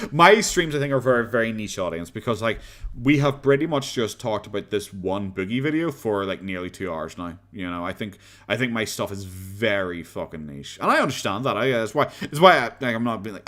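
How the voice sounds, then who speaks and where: A man's voice: on the low side, sing-song, normal speed, a bit bright. A man with an Irish accent chatting casually on a live stream, rambling, laughing often and swearing freely as he reads comments.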